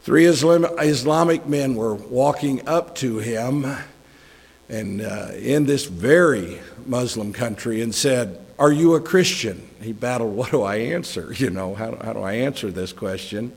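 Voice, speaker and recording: A man's voice: medium pitch, measured pace, creaky, slightly rough. A middle-aged man giving a conversational sermon as a guest preacher, folksy and joking with chuckling asides. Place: church sanctuary. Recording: long hall reverb.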